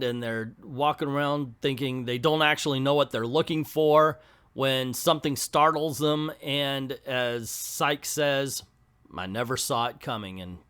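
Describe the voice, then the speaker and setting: A man's voice: on the high side, sharp tone, smooth. A man hosting a comic book video, recapping a story in a casual, chatty way with joking asides.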